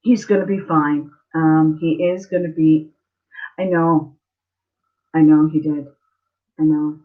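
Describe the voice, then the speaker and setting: A woman hosting a live-stream spiritual reading as a psychic, speaking tenderly and emotionally, halting and repeating herself with many fillers. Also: low-pitched, level tone. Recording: slightly muffled lo-fi stream audio.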